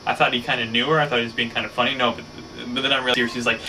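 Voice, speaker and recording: Male host telling a casual rambling story; crisp bright tone, mic a bit distant. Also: medium pitch, flat delivery, rapid-fire, few pauses, slight background noise. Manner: rambling, filler-heavy storytelling. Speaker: show host. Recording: slightly distant mic, faint ambience.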